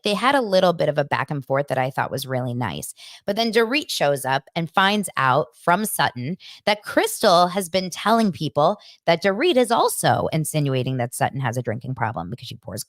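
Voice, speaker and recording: A woman hosting a casual podcast, chatting in an animated way and breaking into quick imitations. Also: deep voice, no room sound, clean studio sound. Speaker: podcast host recapping reality TV. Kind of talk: casual chat.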